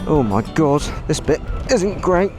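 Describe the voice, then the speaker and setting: A man's voice: a little high, expressive, unhurried, music in the background. A young man giving casual commentary while riding a motorbike outdoors, exclaiming, swearing and laughing at himself, recorded on an action camera with a portable recorder. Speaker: motorcycle vlogger.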